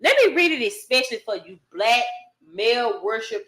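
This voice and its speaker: Bright, indignant woman commentator. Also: a little high, expressive, moderate pace. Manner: indignant, emphatic, reads article aloud and rants. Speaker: commentary vlogger. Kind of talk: casual news commentary.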